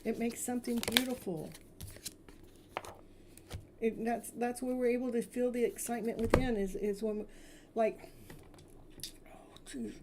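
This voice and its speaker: A woman tarot reader speaking soothing spiritual affirmations, slowly repeating each phrase. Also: on the high side, steady tone, background noise.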